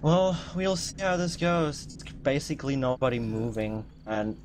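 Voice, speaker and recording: A man's voice: mid-range voice, expressive, normal speed, darkish tone, slight background noise. A man casting an online game match and interviewing players, thinking aloud in an upbeat, chatty way over a headset. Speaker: tournament caster. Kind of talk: live game commentary and interview.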